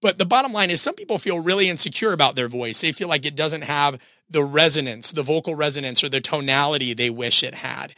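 Bright, dry-voiced man with a cold. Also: fairly high pitch, a little fast, hardly any pauses, dry recording. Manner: earnest, coaching tone, addresses listeners directly. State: sick with a cold. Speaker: podcast host and coach. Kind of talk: solo podcast talk.

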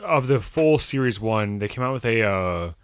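A man co-hosting a podcast in casual chat, often laughing and throwing in quick joking remarks. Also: fairly low pitch, lively intonation, clean tone. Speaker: podcast co-host.

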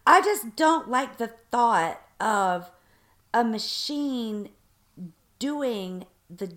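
A woman from the Southern United States, chatting casually as a podcast co-host and telling lively stories in which she acts out the voices of the people she quotes. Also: on the high side, drawn-out words. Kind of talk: casual chat.

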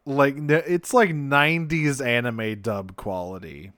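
A man talking through a casual podcast episode with a smooth, resonant voice. His tone is wry and he swears freely. The sound is dry and close, with no room around it. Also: medium pitch, measured pace, a bit bright, no room sound. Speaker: podcast co-host.

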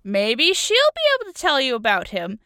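Woman putting on a high old lady voice. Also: sing-song, normal speed, bright, forceful tone, smooth, no room sound, studio quality, heavily acted. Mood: kindly. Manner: storybook telling. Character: helpful old woman under a cliff.

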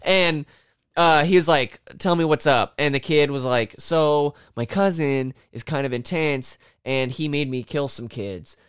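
A man talks through a film's plot in a loose, rambling way, cursing freely and slipping into quick quoted voices. His voice is clear and smooth, sitting somewhat high, and the sound is close and dry. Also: a bit bright, no echo. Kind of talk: casual chat recapping a film.

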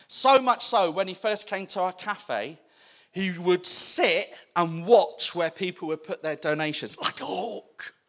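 A man speaking at a church event, telling animated stories and acting out the other people in them. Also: sits high. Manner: lively, laughing, acts out the voices of others. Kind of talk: animated storytelling testimony.

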